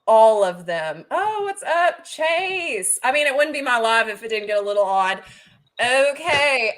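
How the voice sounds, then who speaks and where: Female stream host, bubbly and excitable, a touch higher than most. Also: a little slow. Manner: bubbly and excitable, swings loud and soft. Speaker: livestream host. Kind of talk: casual livestream chat.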